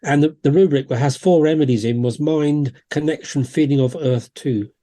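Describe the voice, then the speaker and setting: A man, a homeopath guest on a podcast, telling stories in a relaxed, anecdotal way and acting out quotes. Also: fairly high pitch, normal speed. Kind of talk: conversational storytelling.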